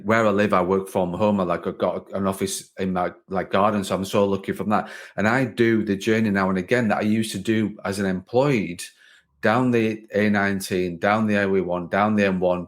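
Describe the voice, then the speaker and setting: A man hosting a coaching podcast, talking in a loose, rambling way with many restarts and fillers. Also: lowish voice. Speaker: podcast host and business coach. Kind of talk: casual conversational interview.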